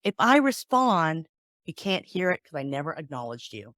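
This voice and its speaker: A woman's voice: low-pitched, moderate pace, dry recording, clean studio sound. A woman mediator and negotiation coach talking in a podcast interview, acting out sample exchanges as she explains. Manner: animated, acts out example dialogues.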